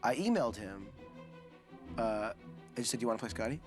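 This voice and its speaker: A man's voice: mid-range voice, lively intonation, a little fast, over music. A man, a film director, chatting enthusiastically in an interview about casting, with some restarts. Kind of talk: interview for a behind-the-scenes featurette.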